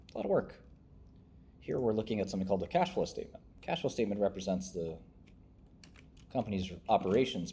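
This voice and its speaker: A young man talking through stock picks on a casual livestream, dropping sardonic, deadpan remarks. His voice sits low and mellow. Faint keyboard typing runs underneath. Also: vocal fry, slight background noise. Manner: offhand and sardonic, with deadpan asides. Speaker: stock-review streamer.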